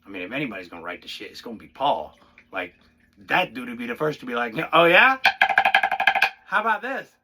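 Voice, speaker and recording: A man giving a casual drumming lesson, talking through a soft-playing exercise with sudden loud, excited bursts between quieter asides. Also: fairly low pitch, quick pace, soft background music. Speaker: drum instructor.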